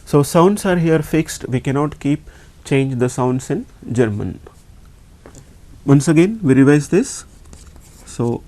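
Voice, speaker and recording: Slow, patient man teaching with an Indian accent. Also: a little high, animated, dark tone. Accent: Indian English. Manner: patient, repeats each sound, asks rhetorical questions. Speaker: language teacher. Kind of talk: slow classroom lesson.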